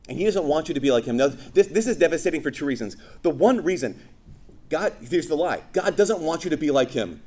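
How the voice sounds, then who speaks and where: A man preaching a sermon, telling stories and acting out quoted voices with animated energy. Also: fairly high pitch, quick pace.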